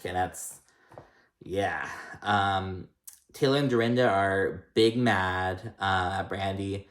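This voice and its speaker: A man's voice: deep voice, steady tone, unhurried, fairly bright tone, echoey room. A man casually recapping a reality TV episode, chatty and gossipy, with lots of "like" and "um" and free swearing.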